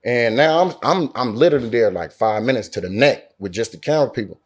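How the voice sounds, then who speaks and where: A man spins a casual story as an interview guest, his voice sitting at an ordinary middle pitch. He acts out every exchange in quoted dialogue and packs his talk with slang and swearing. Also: lively intonation, fast talker. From Oakland, California. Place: lounge in a Las Vegas resort.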